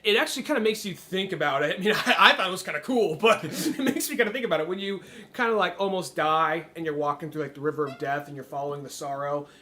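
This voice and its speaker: A man's voice: a little high, fast talker, pushed and bright. A man co-hosting a podcast in casual chat, hesitant and full of "like", laughing as he talks. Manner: hesitant, many likes, laughs into his lines. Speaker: podcast co-host.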